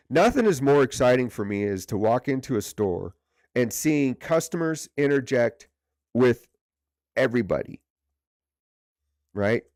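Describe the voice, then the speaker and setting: A man's voice: mid-range voice, darkish tone, no echo, studio quality. A man leading a livestream leadership training session, speaking conversationally and repeating words for emphasis. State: stiff neck from poor sleep. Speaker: leadership coach.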